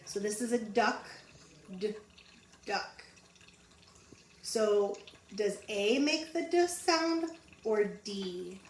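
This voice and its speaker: Slow, patient woman teaching letter sounds. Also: mid-range voice. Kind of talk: phonics lesson for young children. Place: home. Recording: roomy echo, mic at a distance, faint background noise.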